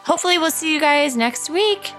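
A woman's voice: high-pitched, animated, a little fast, music in the background. A woman co-hosting a casual advice podcast, chatty and giggly, talking over a remote call. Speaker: podcast co-host.

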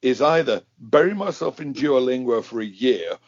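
A middle-aged man hosting a podcast, chatting in a casual, self-deprecating way with brisk asides, on dry, muffled lo-fi audio. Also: mid-range voice, expressive, darkish tone, breathy edge, dry recording. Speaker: podcast host. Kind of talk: casual conversation.

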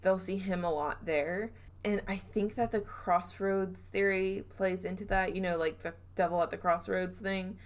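A woman's voice: mid-range voice, steady tone, moderate pace. A woman hosting a podcast, telling a spooky story in a chatty way with frequent laughs and fillers. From Southern US. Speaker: podcast host. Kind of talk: casual storytelling chat.

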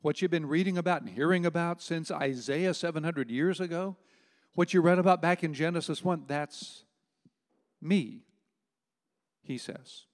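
A man preaching a sermon, emphatic, with dramatic pauses on key words. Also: a little high, big-room sound. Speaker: pastor.

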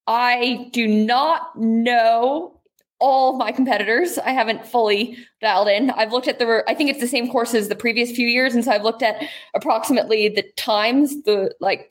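A young adult woman, a guest athlete, giving modest, hesitant answers in a casual interview. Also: on the high side.

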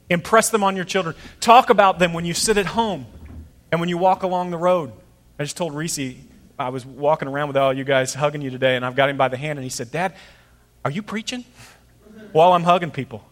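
A man's voice: a little high, fairly bright tone, big-room sound. A middle-aged man preaching a sermon as pastor, conversational and storytelling, acting out voices in his stories.

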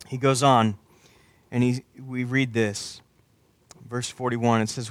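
A man's voice: mid-range voice, level tone, slow pace, long pauses, no echo. A man preaching a sermon as a pastor, talking conversationally and acting out quoted voices.

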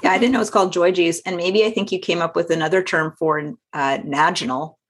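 A woman's voice: fairly low pitch, steady tone, a little fast, slightly rough. A woman co-hosting a podcast who also teaches yoga, reading slang definitions aloud and adding dry remarks in casual chat. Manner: reads terms out, dry remarks.

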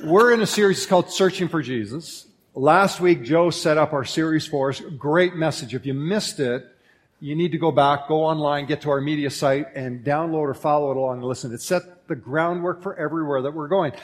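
A man's voice: a little high, normal speed. Male pastor in a reverberant church. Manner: jokey, loud call-outs to the congregation. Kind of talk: sermon with banter. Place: church auditorium. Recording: long hall reverb in a church.

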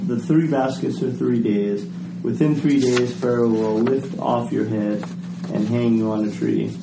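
A man in a Bible study group reading a verse aloud at a steady pace. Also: medium pitch, measured pace, vocal fry, background noise.

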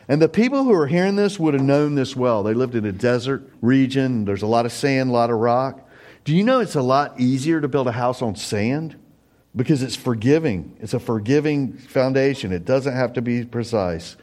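A middle-aged man preaching a sermon, earnest and conversational, with sudden emphatic rises in pitch. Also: lively intonation, moderate pace, a little mellow. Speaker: pastor.

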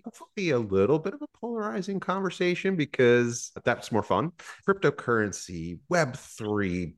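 A man hosting a podcast panel, chatting casually and joking at his own expense. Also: fairly low pitch. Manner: joking, self-deprecating. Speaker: podcast host.

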